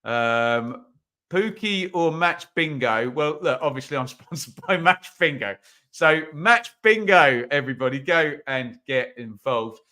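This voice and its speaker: A man's voice: fairly high pitch, lively intonation, unhurried. A man hosting a live football watch-along from his home office, chatting casually and reading out viewers' messages. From England. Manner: chatty, reads out viewer comments, bursts into loud calls. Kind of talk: live stream chat and commentary.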